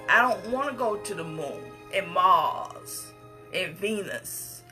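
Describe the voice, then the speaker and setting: Give me a woman, speaking slowly and emphatically, with faint music behind her. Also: fairly low pitch, expressive, sharp tone. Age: 50s. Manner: emphatic, repetitive, preacher-like cadence. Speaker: speaker addressing the public. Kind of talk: impassioned speech.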